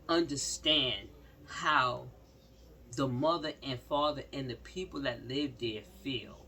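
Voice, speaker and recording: A woman's voice: low-pitched, pushed and bright. A woman vlogger talking straight to her viewers in an emphatic, repetitive way, hammering each point home more than once. She sits a little away from the mic, and a faint background hiss runs under her voice. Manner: emphatic, repeats herself, talks straight to viewers. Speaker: vlogger commenting on news. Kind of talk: casual commentary. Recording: slightly distant mic with faint background noise.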